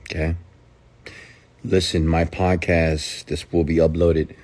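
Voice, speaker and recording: A man's voice: a bass voice, little pitch movement, slow, a little mellow. A man giving a motivational rant who talks emphatically, repeats his points and asks rhetorical questions. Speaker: motivational speaker.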